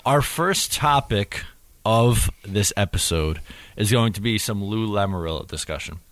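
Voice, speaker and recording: A man hosting a casual sports podcast, talking in a steady, measured, explaining way. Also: on the low side, no echo. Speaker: podcast host.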